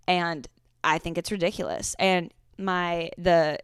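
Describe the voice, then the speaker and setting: A woman's voice: on the low side, unhurried, clear, resonant tone, no echo, clean studio sound. A woman in her twenties hosting a casual solo podcast, telling stories in a chatty, swearing way. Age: 20s. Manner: chatty storytelling with frequent swearing. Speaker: podcast host.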